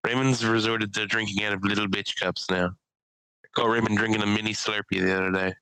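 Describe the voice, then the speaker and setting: A man's voice: lowish voice, little pitch movement, fairly quick, bright, forceful tone, clear, resonant tone, no echo, rough recording. A man hosting a casual podcast, joking and laughing often with his co-host. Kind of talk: casual chat.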